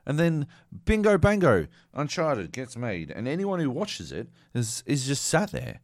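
Animated, sweary man ranting on a podcast. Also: fairly high pitch, a little slow, no echo, clean studio sound. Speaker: podcast co-host. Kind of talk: casual podcast banter.

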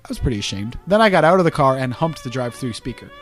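A man's voice: medium pitch, racing, over music. A man hosting a podcast, telling rambling, profane stories in casual chat. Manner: profane, rambling, animated storyteller. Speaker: podcast host.

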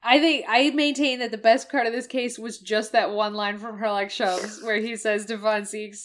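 A woman with a fairly high voice co-hosts a casual podcast. She rants and swears freely, dropping into quick mimicry of game characters. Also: fairly even intonation, a bit bright. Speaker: podcast co-host. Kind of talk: casual game-review chat.

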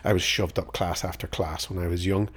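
A middle-aged man from Northern Ireland, a podcast guest who tells lively stories and acts out both sides of old conversations. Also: deep voice, a little fast, breathy edge. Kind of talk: casual storytelling interview.

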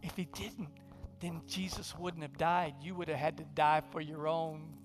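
A man preaching a sermon in a conversational, humorous storytelling way, sometimes dropping to a hushed, intimate delivery. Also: fairly high pitch, level tone, moderate pace, over music. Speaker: pastor.

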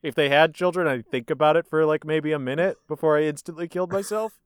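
A man hosting a casual podcast chat and asking the questions, with blunt, dark deadpan humor. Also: on the high side, fast talker, clear, resonant tone, dry recording, studio quality. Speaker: podcast host.

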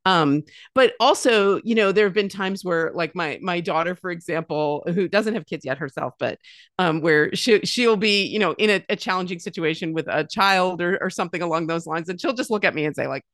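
A woman's voice: lowish voice, a little fast, dry recording, studio quality. A woman in her fifties, a mother with grown children, telling stories in casual conversation, often acting out what others said. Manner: warm storyteller, lively quoted voices, many restarts. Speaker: podcast guest.

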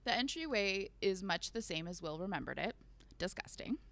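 A woman's voice: medium pitch, big pitch swings, normal speed, a bit bright. A woman hosting a podcast who retells a book in a casual chat, laughing often as she tells the story. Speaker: podcast host.

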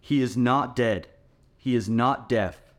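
A man's voice: mid-range voice, slow. A man preaching a sermon as pastor, in an earnest, emphatic way.

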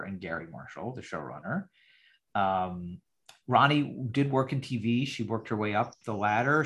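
A man hosting a podcast over a video call, recapping an old sitcom episode in a measured way and reading its lines aloud. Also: lowish voice, a bit bright. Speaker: podcast host. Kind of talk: casual chat recapping an episode.

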